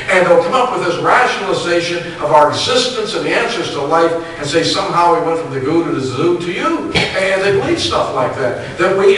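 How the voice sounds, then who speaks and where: A male preacher delivers an emphatic sermon, reading verses aloud and hammering his points home with repetition. His voice is bright and pitched a little high. It rings through a large echoey hall, picked up from some distance off the mic. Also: slight background noise. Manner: emphatic, repeats phrases, reads scripture aloud.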